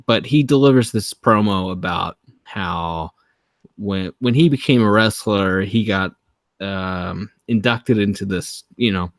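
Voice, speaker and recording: A man's voice: low-pitched, fairly bright tone, no room sound. A man co-hosting a casual podcast chat, enthusiastic, laughing often and restarting his phrases.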